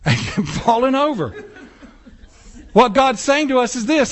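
A man delivers a sermon from the pulpit. His voice sits high for a man, and he keeps things animated with rhetorical questions and offhand remarks to the congregation. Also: moderate pace. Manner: animated preaching with casual asides and rhetorical questions. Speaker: pastor. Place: church sanctuary.

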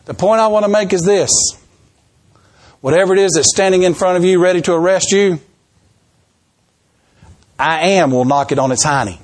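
A man's voice: sits high, fast. A man preaching a sermon, telling stories animatedly and acting out the quotes. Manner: animated storytelling, acts out quotes.

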